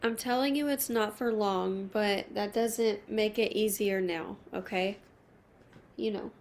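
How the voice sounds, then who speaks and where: Emotional, soft-spoken woman tarot reader. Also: mid-range voice, steady tone, a little hiss or hum. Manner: soft, emotional, reassuring, slow at card pulls. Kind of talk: intimate tarot reading to camera.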